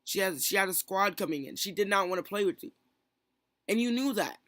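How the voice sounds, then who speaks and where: A man's voice: high-pitched, lively intonation, fairly quick, a bit bright, no room sound, studio quality. A young man, a streamer, ranting heatedly in a callout vlog, full of fillers and rhetorical questions.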